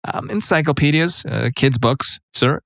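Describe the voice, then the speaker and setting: A terrified young salesman squeaks out meek, polite answers with halting stammers, a man acting him out. The voice sits far above the performer's usual pitch. It is recorded dry and close. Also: gravelly, a bit bright, dry recording. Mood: scared.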